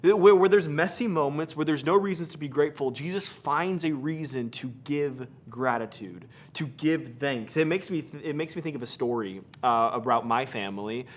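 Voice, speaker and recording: A man from Arizona, a pastor giving a short devotional sermon and telling a personal story in a casual, animated way. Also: on the high side, normal speed, hardly any pauses. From Arizona, USA.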